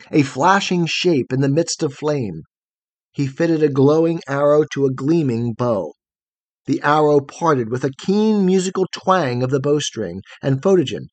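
A man narrating a fairy tale audiobook in a measured, expressive storytelling manner. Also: fairly high pitch, no echo.

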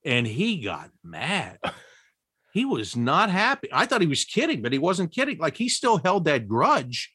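Man, lively storyteller, bright forceful voice, dry close sound, laughs and big pitch jumps. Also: a little slow, breathy edge, no room sound. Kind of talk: storytelling interview.

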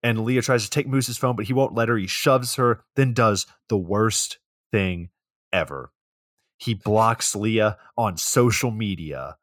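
Male co-host, low and dry, loose, profane plot recap. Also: a little slow, no echo. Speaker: podcast co-host. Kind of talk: casual chat.

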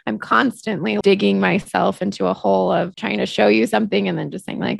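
A woman in casual chat, reflective and tentative, laughing softly. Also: mid-range voice, fairly even intonation, fairly quick, creaky, hardly any pauses, no room sound.

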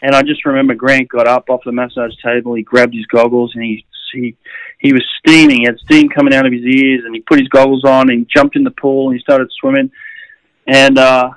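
A man's voice: mid-range voice, flat delivery, a little fast, no room sound, rough recording. A middle-aged Australian man, a swimming coach, telling stories casually with many fillers and chuckles. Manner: rambling, with frequent fillers and chuckles. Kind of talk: casual storytelling.

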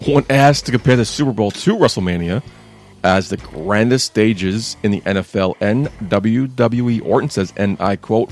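A man with a lowish voice runs through the news in casual podcast chat, tossing in dry, dismissive asides. Faint music sits under him. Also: normal speed, a little mellow. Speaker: podcast co-host reading wrestling news.

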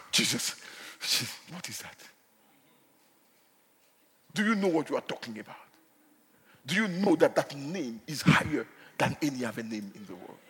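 A male preacher giving an impassioned sermon, dropping to hushed asides and rising to shouts. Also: mid-range voice, expressive, normal speed, pauses often, husky, in a large hall. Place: church hall.

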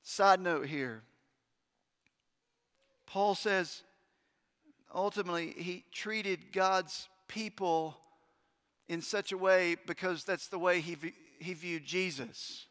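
A man preaching a sermon as pastor, emphatic, swinging between urgent loud stretches and hushed, intense ones, with conversational asides to the congregation. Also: high-pitched, slow, pauses often. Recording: long hall reverb.

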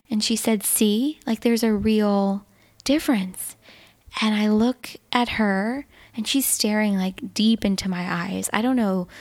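Chatty young woman telling a story. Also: mid-range voice. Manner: chatty, filler-heavy, earnest and emotional. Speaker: podcast host. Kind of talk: casual storytelling monologue.

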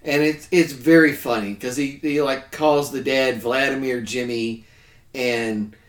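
A man hosting a casual podcast discussion, chatty and quick to agree with his co-hosts. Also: mid-range voice, steady tone. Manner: chatty, affirms often with "yes". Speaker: podcast host. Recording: roomy echo.

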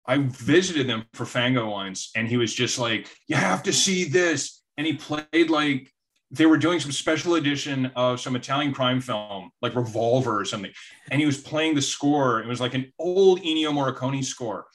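A man's voice: mid-range voice, normal speed. A man in casual podcast chat, telling anecdotes about film and acting out quoted voices.

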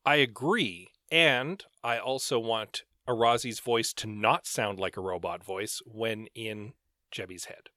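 A man's voice: on the low side, unhurried, bright, forceful tone, no room sound, clean studio sound. A man co-hosting a book club podcast, musing aloud in casual chat with occasional fillers. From Canada. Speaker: podcast co-host.

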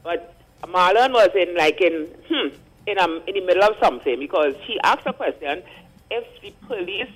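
A man calling in to a radio show, giving his opinions while he hunts for words. His voice is high for a man and swings widely in pitch. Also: slightly rough, rough recording. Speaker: caller. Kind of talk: call-in radio commentary.

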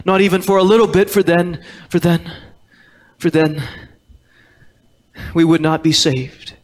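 A man's voice: on the high side, fairly even intonation, unhurried. A man preaching a sermon as pastor, emphatic and repeating key words, quoting scripture in old-fashioned wording. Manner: quotes scripture in King James wording. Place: church sanctuary.

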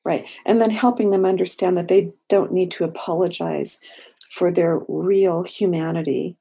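Low, creaky-voiced woman therapist. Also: fairly even intonation. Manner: slow, deliberate, gentle emphasis. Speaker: therapist and guest. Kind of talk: podcast interview.

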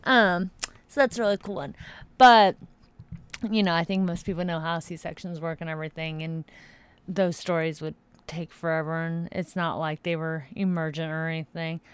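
A woman in her thirties chatting casually as co-host, relaxed and quick to laugh. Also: low voice, clean tone, no room sound. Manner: relaxed, laughs easily, unhurried. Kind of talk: casual chat.

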